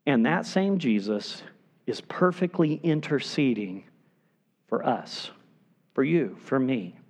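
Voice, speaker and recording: A man preaching a sermon as a pastor, with emphatic delivery that falls to hushed, quiet stretches for emphasis. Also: mid-range voice, lively intonation, takes it slowly.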